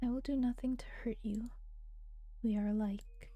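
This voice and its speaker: A woman voicing a calm, gentle young woman in a visual novel, speaking softly and earnestly in a whispered role-play. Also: on the high side, normal speed, close to an everyday voice. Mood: tender. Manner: soft, earnest, often whispered.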